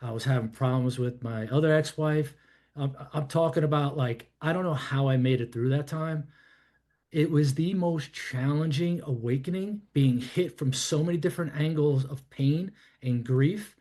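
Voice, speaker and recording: This podcast guest, a fifties-aged New Yorker, has a mellow, slightly high voice at normal speed. He candidly narrates his life in a meandering, thoughtful way, often saying "you know" and "I'm like."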